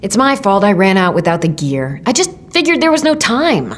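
A woman's voice: fairly low pitch, expressive, normal speed. A woman voicing a stubborn, sarcastic young woman in an audiobook. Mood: wry. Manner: wry, sarcastic.

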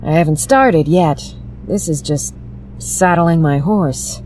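A woman's voice: deep voice, slow, a little mellow, slight background noise. An actress playing a dry, sarcastic woman necromancer and bounty hunter. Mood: wry.

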